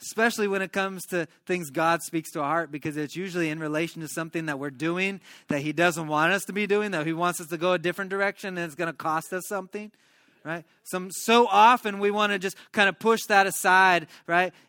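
A man preaching a sermon as a pastor, telling a story in an animated way and tossing in "right?" asides. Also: sits high, fairly quick, no room sound, clean studio sound.

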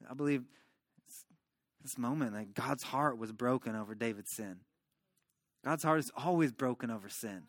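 A man preaching a sermon as a pastor, telling a story in an animated way and tossing in "right?" asides. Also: mid-range voice, normal speed, no room sound, studio quality.

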